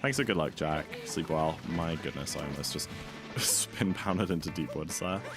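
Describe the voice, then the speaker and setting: A man's voice: extremely low pitch, expressive, moderate pace. A man streaming a game, chatting casually and rambling while he reads and answers his chat. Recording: game music playing behind.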